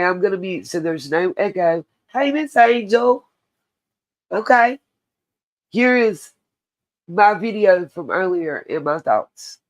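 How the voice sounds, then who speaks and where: A woman's voice: deep voice, darkish tone, poor audio. Woman host, livestream commentary, blunt and heated. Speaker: channel host.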